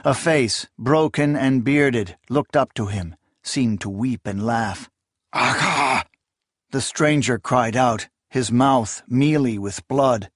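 A man reading a dark fantasy audiobook in a steady, dramatic storytelling manner. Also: medium pitch, takes it slowly, hardly any pauses, dry recording, clean studio sound. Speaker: audiobook narrator. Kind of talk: scripted narration.

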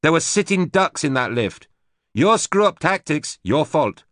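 A man voicing a tough, foul-mouthed young woman who speaks defiantly and forcefully in an audiobook. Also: medium pitch, lively intonation, normal speed, no echo, clean studio sound, pitched above the performer's own voice, lightly acted. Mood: furious. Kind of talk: audiobook character voice.

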